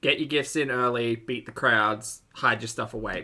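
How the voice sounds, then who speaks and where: A man with an Australian accent giving casual reaction commentary, chatty and giggly, often breaking into loud excited laughter. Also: mid-range voice, normal speed.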